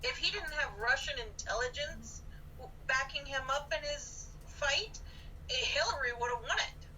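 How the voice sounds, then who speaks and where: Blunt, bright-voiced woman with faint hiss. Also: sits high, unhurried, rough recording. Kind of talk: casual political chat.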